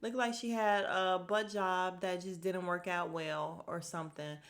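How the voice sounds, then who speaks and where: A woman's voice: on the low side, steady tone, measured pace. A woman hosting a podcast, recapping a reality show in a blunt, gossipy, sarcastic way and talking straight to her listeners. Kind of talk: casual recap chat.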